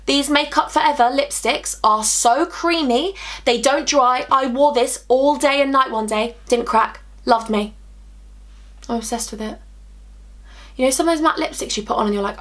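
Bubbly young beauty vlogger. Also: female voice, sits high, moderate pace. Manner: bubbly, excitable and candid, chatting to viewers. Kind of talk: chatty makeup tutorial.

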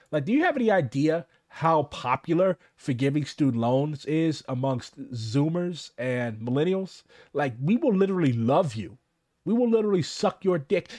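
A man's voice: a little high, no echo, studio quality. Profane young man ranting on stream. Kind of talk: casual livestream commentary.

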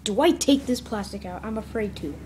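A woman's voice: medium pitch, expressive, brisk, background noise. A young woman casually narrating an unboxing, rambling and self-mocking, often dropping into mutters and whispers. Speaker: product unboxing vlogger.

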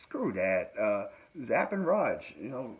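A musician and podcast host chats casually at home, rambling with plenty of fillers and laughter. His voice is on the low side, sing-song and unhurried. The lo-fi recording sounds dull, with faint noise.

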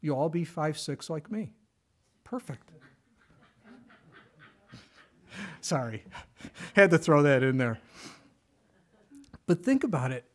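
A middle-aged man preaching a sermon in a casual, conversational way, telling the story with lively emphasis and dropping to a whisper for quoted words. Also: a little high, slow pace, long pauses. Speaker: pastor.

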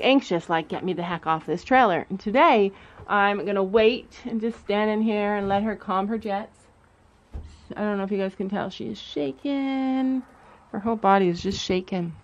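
A young woman vlogging casually and nervously while calming her horse in a trailer. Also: mid-range voice, moderate pace, lo-fi sound. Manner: chatty, nervous, soothing a horse. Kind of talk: casual vlog narration.

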